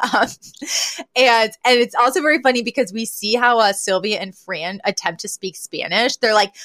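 A woman chatting casually as a podcast co-host, recapping a sitcom episode with lots of laughter and quick impressions of the characters. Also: medium pitch, dry recording. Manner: animated, laughs often, acts out quotes in different voices.

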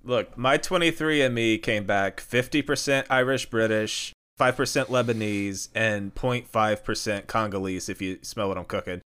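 A man's voice: lowish voice, normal speed, hardly any pauses, a bit bright, smooth. A man hosting a comedic podcast, playful and laughing often. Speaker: podcast host.

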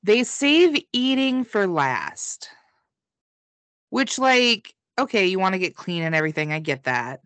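Woman, podcast co-host, slow giggly delivery, swears, dry close sound. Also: mid-range voice, sing-song, a bit bright, dry recording. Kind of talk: casual recap chat.

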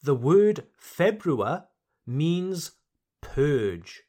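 Slow, lively native English-speaking teacher. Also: male voice, a little high. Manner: slow, careful, repeating words for learners. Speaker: English teacher and podcast host. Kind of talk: podcast pronunciation lesson.

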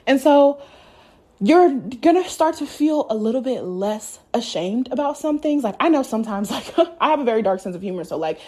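A woman's voice: on the high side, animated, brisk, dark tone, breathy edge. A young woman hosting a casual spiritual podcast, talking candidly, swearing freely and laughing often. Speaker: podcast host.

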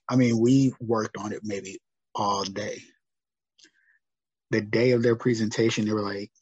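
A man, a teacher and podcast guest, telling stories in a casual, animated way and acting out his students' lines. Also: on the low side, measured pace, pauses often, breathy edge, dry recording. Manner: animated, acts out students' lines, many fillers. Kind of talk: casual storytelling conversation. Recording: muffled dry podcast audio.

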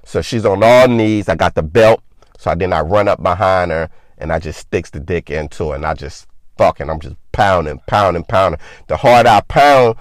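A man's voice: deep voice, moderate pace, no room sound. A young man casually telling a personal story, loose and profane, leaning on filler words.

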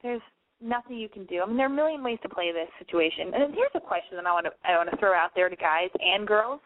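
A woman's voice: mid-range voice, animated, fast. A woman hosting a casual call-in advice radio show, chatty and frank, swearing freely. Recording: dry, phone-like narrow band.

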